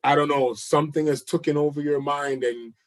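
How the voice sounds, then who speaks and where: A man's voice: a little high, fairly even intonation, brisk. A man as a guest on a live chat interview, upbeat and salesy, repeating words for emphasis.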